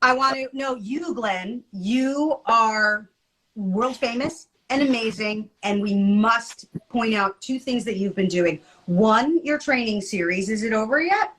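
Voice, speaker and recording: A middle-aged woman co-hosting a podcast in casual chat, animated and jokey, laughing often. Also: on the high side, unhurried, rough recording. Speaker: podcast co-host.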